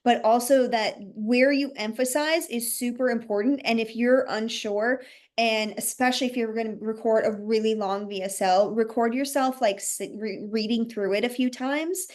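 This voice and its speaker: Woman hosting a podcast, fairly high voice, chatty, says like a lot. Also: steady tone, normal speed, a little mellow. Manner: chatty, uses fillers like "like" and "you know". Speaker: podcast host. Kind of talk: conversational podcast talk.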